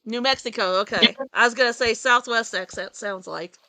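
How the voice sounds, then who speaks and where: A woman from the United States chatting over an online voice call while she streams, laughing often as she talks. Her voice is bright and on the high side. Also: normal speed, no echo. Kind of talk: casual chat on voice call.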